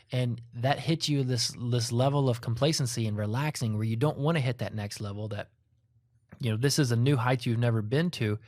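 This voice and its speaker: A man's voice: medium pitch, darkish tone, no echo, clean studio sound. A middle-aged man co-hosting a casual podcast chat, talking in long, rambling runs that often restart mid-sentence. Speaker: podcast co-host.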